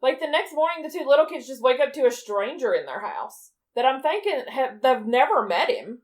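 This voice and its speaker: A woman's voice: sits high, very animated, fairly quick. A woman in her thirties co-hosting a movie podcast, chatting casually in a blunt, swearing, incredulous way. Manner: blunt, profane, incredulous questioning. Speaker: podcast co-host. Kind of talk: casual movie discussion chat.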